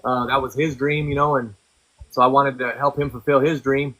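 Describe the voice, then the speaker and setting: A man's voice: medium pitch, flat delivery, normal speed, pushed and bright, poor audio. A man guest on a podcast, bluntly and profanely recounting a personal story in casual conversation.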